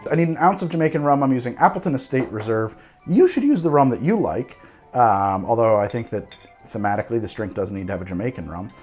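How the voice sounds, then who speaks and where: A man in the middle of the pitch range hosts a cocktail show, his voice rising and dipping with lively movement. He rambles through tasting notes in a casual, self-mocking way, restarting sentences as he thinks. Faint music runs underneath. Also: fast talker.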